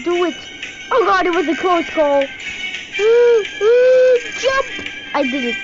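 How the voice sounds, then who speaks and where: A high-pitched woman from India talks through a video game in excitable let's-play commentary, letting out yelps and exclamations as she plays. The audio is dull and lo-fi, and game music plays loudly underneath her voice. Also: normal speed. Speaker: gaming channel host.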